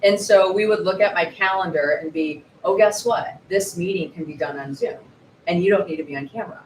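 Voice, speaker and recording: A woman in her forties, an author guest, telling her story in a lively way at a live book event, acting out quotes. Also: lowish voice, brisk. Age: 40s. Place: bookshop event space. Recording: roomy echo, distant mic, faint noise.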